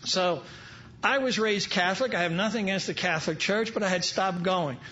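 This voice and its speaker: Speaking in a large event hall at a recovery meeting, this older man from New York spins stories for the audience with wry, funny asides. He sits high in pitch, talks a little fast, and sounds sharp. It's captured as a dull, lo-fi live recording.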